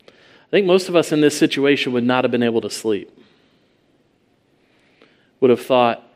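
A man's voice: medium pitch, expressive, normal speed, long pauses. A man preaching an expository sermon, earnest, asking rhetorical questions and reading scripture aloud.

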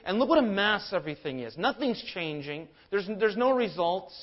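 A man's voice: high voice, sing-song, normal speed, highs cut off, voice pushed up. A man preacher voicing a despairing, self-righteous male prophet who whines and complains. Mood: whining. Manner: whining, exasperated.

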